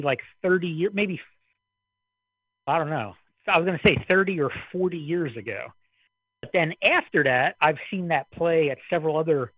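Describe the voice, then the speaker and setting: A man from the Midwest calling into an amateur radio net, talking in a relaxed, rambling way and slightly out of breath. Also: a little high, no echo. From American Midwest. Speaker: caller on the net. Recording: dry radio transmission, phone-like band.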